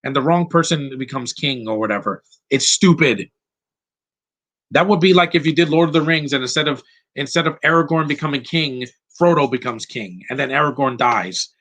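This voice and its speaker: A man's voice: mid-range voice, moderate pace, fairly bright tone. A man giving casual live commentary over a movie, blunt and rambling, going off on tangents.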